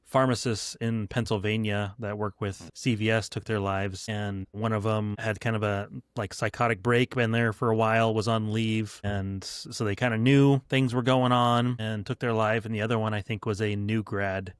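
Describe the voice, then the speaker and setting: A man co-hosting a podcast, speaking in a measured, reflective way with many fillers. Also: on the low side, steady tone, smooth, no echo, clean studio sound. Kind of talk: casual podcast talk.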